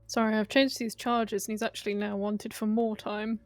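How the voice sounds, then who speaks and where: A woman, speaking in character as a law clerk in a western roleplay, brisk and dry. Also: medium pitch, little pitch movement, dry recording.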